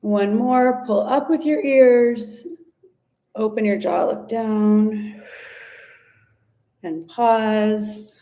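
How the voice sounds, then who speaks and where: A woman leading a guided ear-massage and breathing practice, speaking gently and unhurriedly, with a few fillers and restarts. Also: medium pitch, extremely slow, pauses often. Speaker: somatic practice instructor. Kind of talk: guided body practice instruction.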